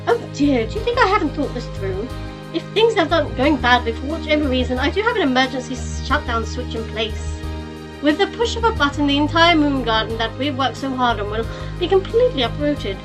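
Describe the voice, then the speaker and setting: A woman voicing a smug, flowery male villain in a visual novel reading, low and condescending. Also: big pitch swings, music in the background. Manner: condescending, drawn-out theatrical delivery. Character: smug honey-voiced male villain, flowery and self-assured.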